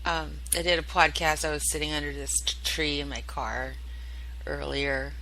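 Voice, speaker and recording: A woman's voice: sits low, level tone, normal speed, sharp tone, slight background noise, rough recording. A woman hosting her own internet radio show, chatting casually and rambling with lots of fillers and swearing. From United States. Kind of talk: casual solo chat, answering listener chat.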